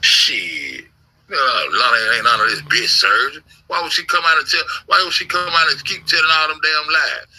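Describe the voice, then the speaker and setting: The audio is poor, but this livestreamer's voice comes through on the high side, sharp and slightly rough, at normal speed. He rambles through a story about an online investigation, cursing a lot and going over the same points again and again.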